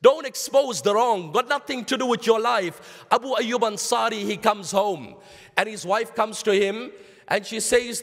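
South african guy preaching in a mosque, pretty high voice, long echoey hall reverb. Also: measured pace, fairly bright tone. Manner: storytelling, addresses listeners as brothers, mixes in Arabic phrases. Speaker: Islamic lecturer. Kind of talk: sermon.

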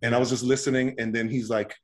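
A man's voice: medium pitch, level tone, fast. A man being interviewed as a guest actor, telling stories casually, acting out quoted voices and laughing often.

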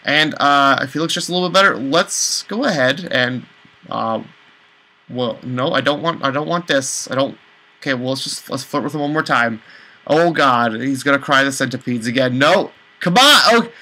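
A man commentating a let's play, exasperated, with high panicked outbursts and swearing. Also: normal speed, bright, forceful tone, rough recording. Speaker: gaming channel host.

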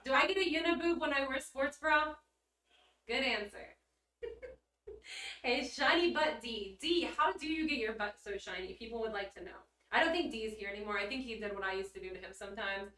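A woman's voice: on the high side, fairly quick, sharp tone. A woman chatting casually on a livestream, reading her chat aloud, bubbly and giggly with blunt casual swearing. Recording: roomy echo, mic at a distance.

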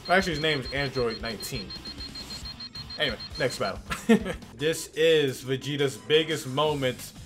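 Over game music, a man with a mid-range voice talks through his gameplay as channel host at a moderate pace. Excitable and swearing freely, he shouts when the fight gets intense.

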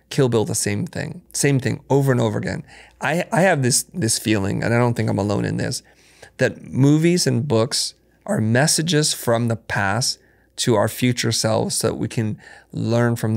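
A middle-aged man answering podcast questions as a guest, telling stories and acting out quotes with sudden jumps in pitch. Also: creaky. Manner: storytelling, acts out quotes with lively jumps in pitch. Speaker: podcast guest, design educator. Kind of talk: conversational interview answers.

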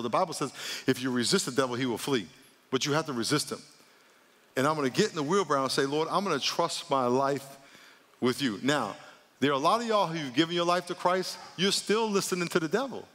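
Male pastor preaching in a reverberant church. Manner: animated preaching, voice jumps high for mock voices. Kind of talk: sermon. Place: large church auditorium. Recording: long hall reverb.

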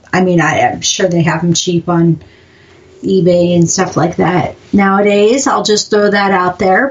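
A woman hosting a casual talk show, chatty and rambling, often restarting her sentences. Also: lowish voice. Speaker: podcast host, skeptic. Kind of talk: casual chat. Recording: dull lo-fi audio.

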